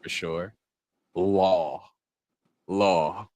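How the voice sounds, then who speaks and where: A man co-hosting a podcast, talking in a relaxed, easygoing way. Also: deep voice, very slow, dry recording. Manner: relaxed, trails off with ums. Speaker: podcast co-host. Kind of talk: casual chat.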